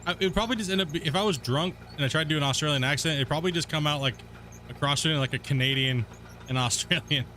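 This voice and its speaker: A man's voice: fairly high pitch, fast, bright, forceful tone, a little hiss or hum. A young man casually chatting while he streams a game, laid-back and laughing at himself, cursing freely. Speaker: gaming streamer. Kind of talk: casual live-stream chat while playing.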